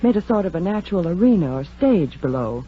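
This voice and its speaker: An actress playing a calm, well-read young woman in a 1940s radio drama who explains things patiently. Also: lowish voice, fairly quick. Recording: dull old radio recording with faint noise.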